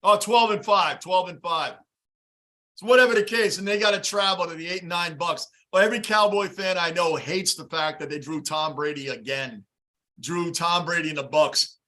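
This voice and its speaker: A man hosting a live football reaction stream, greeting chatters by name and shouting at big plays. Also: a little high, moderate pace. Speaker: livestream host reacting to a game. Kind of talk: live game reaction and fan chat.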